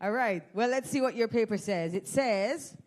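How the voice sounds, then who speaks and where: Playful high-voiced Jamaican woman hosting. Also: moderate pace. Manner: playful, teasing, energetic. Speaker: event host. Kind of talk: lively event hosting with audience games. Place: event hall with audience. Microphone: handheld microphone.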